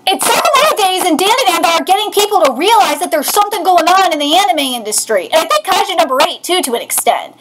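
A woman streaming a live manga reaction, excitable and outspoken, given to shouting and swearing. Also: very high voice, fast talker, hardly any pauses. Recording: loud background hiss.

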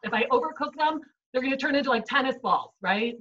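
A woman's voice: high voice, fast, bright, forceful tone, recorded from a distance, dull audio. A woman chef instructor with a Chicago accent, talking through a cooking demo in her home kitchen, chatty and explanatory. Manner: chatty, explains as she cooks, frequent "right?" and "um". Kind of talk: cooking demonstration.

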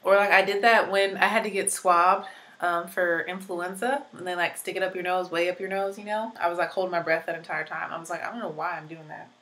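A woman's voice: lowish voice, fairly even intonation, brisk, fairly bright tone, low-quality recording. A woman in her twenties chatting casually through a makeup tutorial, rambling with lots of fillers, recovering from being sick. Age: 20s. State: recovering from illness. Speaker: beauty vlogger.

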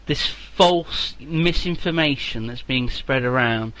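A man from England co-hosting a podcast, chatting in a deadpan, mock-serious way with plenty of swearing. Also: mid-range voice, slow pace, poor audio. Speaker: podcast co-host. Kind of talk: casual comedy chat.

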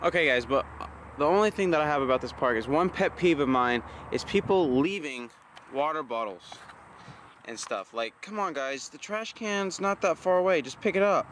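A man's voice: on the high side, lively intonation, moderate pace, fairly bright tone, a little hiss or hum. A young man vlogging casually while walking through an outdoor park, joking and ranting in mock exasperation.

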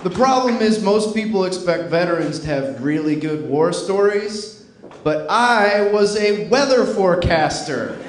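Slow, high-voiced deadpan male comedian. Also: a little hiss or hum. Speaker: stand-up comedian. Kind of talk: stand-up comedy set. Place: comedy club stage. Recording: echoey club with loud crowd laughter.

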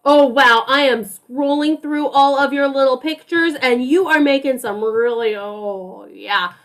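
A woman teacher reads a storybook to children over a video call, her voice sitting a little high. She keeps it animated and encouraging and stops to ask the kids questions. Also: a little slow. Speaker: music teacher. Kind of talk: reading a picture book aloud to children.

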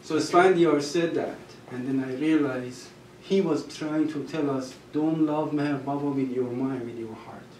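A man with a Persian accent and Persian as his first language, telling personal stories at a gathering, halting and restarting, with soft laughs. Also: medium pitch, slight background noise. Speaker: storyteller at a gathering. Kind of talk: personal storytelling. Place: gathering room. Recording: echoey room, mic far off.

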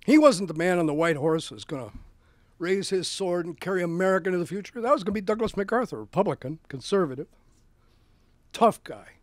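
A man's voice: high-pitched, lively intonation, brisk, no room sound. A male author giving a book talk, telling history as anecdotes. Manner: anecdotal storytelling with acted quotes. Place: bookstore event.

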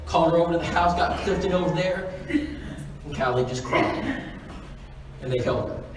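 A man's voice: a little high, moderate pace, noisy background. A man preaching a sermon, telling a story in an earnest, pleading way with lots of repetition. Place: church auditorium. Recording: echoey church hall from far off.

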